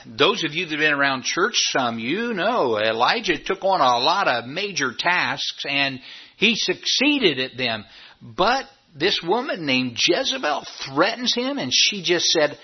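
Husky-voiced man preaching a sermon. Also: fairly high pitch, a little slow. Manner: animated storytelling, repeats and stumbles over words. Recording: dull lo-fi recording.

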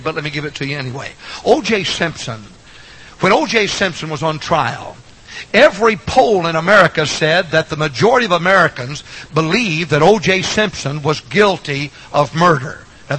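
Middle-aged man, pastor, high bright husky voice, folksy and emphatic sermon delivery. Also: poor audio. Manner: folksy, emphatic, repeats lines for effect.

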